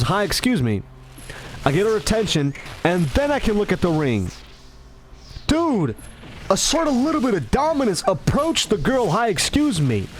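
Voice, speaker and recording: A man rambling in casual commentary, animated and self-mocking. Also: sits high, a little hiss or hum. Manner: animated, self-mocking, acts out his own lines. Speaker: gaming commentator.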